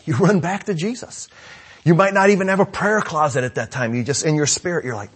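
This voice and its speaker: A male pastor preaching in a conversational way, asking the congregation questions and calling for amen, swinging from loud to hushed. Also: on the high side, a little fast, breathy edge. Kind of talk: sermon.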